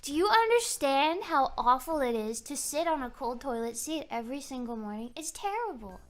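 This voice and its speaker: A young woman streaming, telling a rambling story in a giggly, animated way. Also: high-pitched, normal speed, soft background music. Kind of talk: casual chat. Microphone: streaming microphone.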